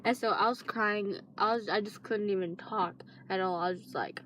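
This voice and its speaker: A woman's voice: mid-range voice, fairly even intonation, normal speed, a bit bright, a little hiss or hum. A teenage girl casually telling a long personal story, rambling with lots of fillers and restarts. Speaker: vlogger.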